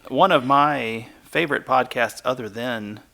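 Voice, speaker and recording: A man's voice: mid-range voice, a little slow, creaky, pushed and bright. A man co-hosting a podcast in casual chat, rambling and laughing as he retells things. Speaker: podcast co-host.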